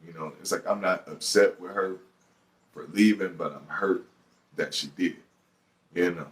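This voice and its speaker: Deep-voiced Detroit man telling a story. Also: measured pace, distant mic. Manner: profane, animated street storytelling. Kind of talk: casual storytelling.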